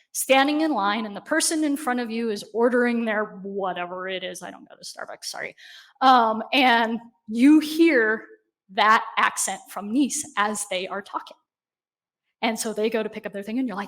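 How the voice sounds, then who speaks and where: Woman, high voice, lively and chatty, conference talk, checks in with the audience often. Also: normal speed. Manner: conversational, animated, asks "right?" often. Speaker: conference speaker. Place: conference stage.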